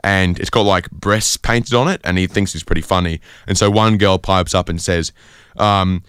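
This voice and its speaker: A man from Sydney hosting a radio show, telling a rambling story in a deadpan style full of fillers. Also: low-pitched, normal speed, clean tone, no room sound, studio quality. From Sydney, Australia. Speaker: radio host. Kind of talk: comedic casual radio chat.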